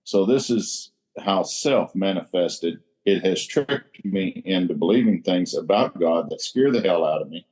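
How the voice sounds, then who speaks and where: Deep, mellow-voiced man explaining with emphasis. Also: lively intonation, unhurried, hardly any pauses, slightly rough. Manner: emphatic, teacherly, folksy. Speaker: recovery roundtable regular. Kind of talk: explaining the text in a discussion.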